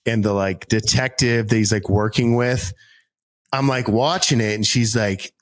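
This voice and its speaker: Lively storytelling man hamming up dialogue. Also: medium pitch, moderate pace. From Worcester, Massachusetts. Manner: animated, acts out both sides in a raised voice. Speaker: podcast co-host. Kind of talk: casual storytelling chat.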